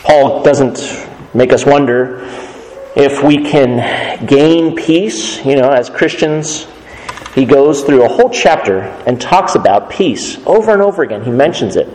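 A man preaching a sermon as pastor, earnest and measured, quoting scripture as he goes. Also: mid-range voice, expressive, darkish tone, roomy sound, big-room sound, poor audio.

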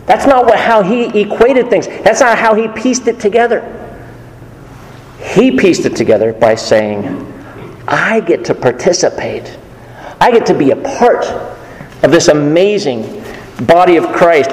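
A man preaching a sermon, telling a story in an animated, emphatic way. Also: fairly high pitch, a little hiss or hum. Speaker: pastor. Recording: echoey hall with long reverb.

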